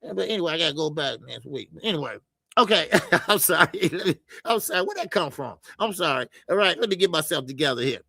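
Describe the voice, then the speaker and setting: Gravelly, high-voiced man hosting a boxing stream. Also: expressive, fast, bright, forceful tone, dry recording. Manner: loose and profane, lots of filler stammers. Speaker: boxing show host. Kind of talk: casual live-stream chat reading comments.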